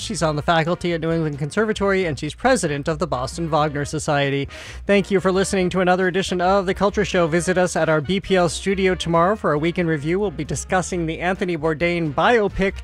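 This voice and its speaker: Polished male radio show host. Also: on the high side. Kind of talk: scripted radio sign-off.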